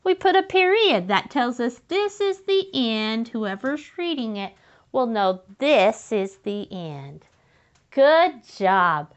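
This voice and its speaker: A woman's voice: fairly high pitch, big pitch swings, slow pace. A woman teaching young children to write sentences, patiently sounding out letters and words and often praising them. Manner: encouraging praise. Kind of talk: slow step-by-step writing lesson for young children.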